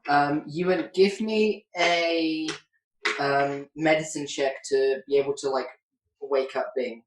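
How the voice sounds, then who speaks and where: A man's voice: on the high side, slow, roomy sound, far from the mic, slight background noise, poor audio. A man narrating a tabletop game as game master on a video call, hesitant, with many ums.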